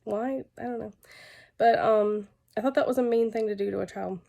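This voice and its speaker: A young woman with a hoarse, gravelly voice that is fading as she recovers from illness. Her tone is dark and subdued, and she stops often with fillers. She presents her research informally to a webcam at home. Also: on the high side, lo-fi sound. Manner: halting, many fillers. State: losing her voice, unwell. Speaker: graduate student presenting research.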